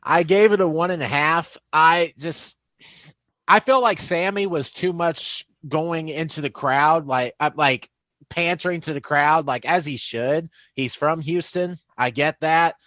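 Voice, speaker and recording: A man co-hosting a podcast in casual chat, relaxed and a little hesitant. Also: fairly high pitch, measured pace, no room sound. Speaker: podcast co-host.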